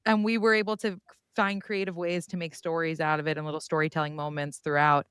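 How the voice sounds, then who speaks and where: A woman's voice: sits low, little pitch movement, fast, fairly bright tone, smooth, no room sound, studio quality. A woman hosting a podcast interview, conversational and friendly. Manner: friendly, conversational, laughs along. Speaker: podcast host. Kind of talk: casual interview chat.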